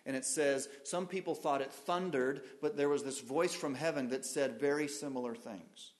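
A man delivers a sermon to his congregation in a voice of middling pitch. He keeps asking his listeners questions and moves between loud, stressed lines and hushed, softer ones. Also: normal speed. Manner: asks the congregation questions, swings between loud emphasis and quiet. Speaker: pastor.

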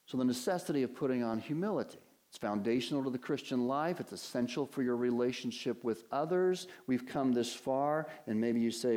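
A man's voice: medium pitch, fairly quick, hardly any pauses, darkish tone. An earnest male pastor delivers a sermon from the pulpit, pressing his points with emphatic rhetorical questions. His voice sits in a middle register. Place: church sanctuary at a pulpit.

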